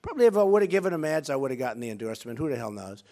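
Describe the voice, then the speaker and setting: A man's voice: mid-range voice, sing-song, racing, darkish tone. A man running for office, giving a rambling, boastful, repetitive campaign speech from a rally stage. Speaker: political candidate.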